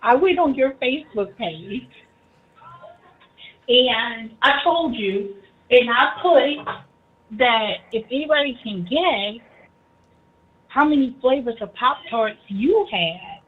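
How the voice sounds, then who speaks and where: Teasing high-voiced woman, husky. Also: slow, long pauses, phone-quality sound. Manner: animated, teasing, laughs often. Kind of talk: casual teasing chat.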